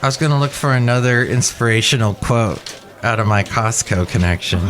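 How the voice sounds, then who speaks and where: A man's voice: medium pitch, a little fast, a bit bright. Rambling male podcast host. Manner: rambling storyteller, playful. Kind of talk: casual chat. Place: cafe.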